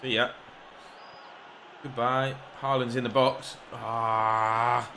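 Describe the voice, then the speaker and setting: Excitable young man commentating gameplay. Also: medium pitch, slow pace, a little hiss or hum. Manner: excitable, rambling and self-mocking, shouts at players. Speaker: gaming YouTuber.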